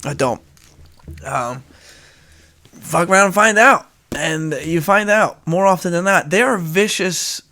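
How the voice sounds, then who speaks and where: A man's voice: high-pitched, measured pace, pauses often, pushed and bright. Nasal young man, rambling podcast host. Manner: rambling, joking, laughs often. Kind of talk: casual solo podcast chat.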